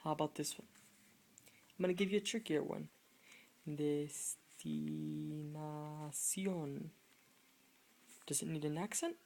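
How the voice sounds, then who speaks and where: A woman's voice: low-pitched, fast, pauses often, a little mellow, slight background noise. A woman teaching in a casual video lesson, repeating each example word several times and quizzing the viewers. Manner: asks the viewers quiz questions. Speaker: Spanish tutor.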